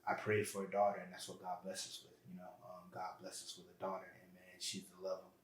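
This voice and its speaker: A man speaks low and steady, his deep voice barely moving in pitch. He talks earnestly and from the heart as a podcast guest in a casual chat. The room around him rings with echo. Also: fast talker. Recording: roomy, echoey room.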